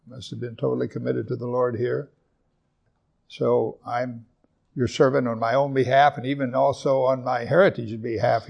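A man pastor preaching a sermon, earnest, repeating and slowing down on scripture verses for emphasis. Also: mid-range voice, gravelly, a little mellow.

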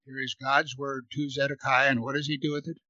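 The recording is muffled, with no room sound, and the man's delivery is flat and a little fast. Going verse by verse through a Bible passage, he reads each verse forcefully at a louder, higher pitch, then comments on it and repeats words for emphasis.

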